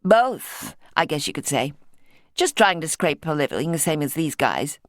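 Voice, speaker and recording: A woman's voice: sits low, sing-song, moderate pace, no echo, clean studio sound. A woman voicing a wry American dealer. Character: chatty American woman antiques dealer, about fifty.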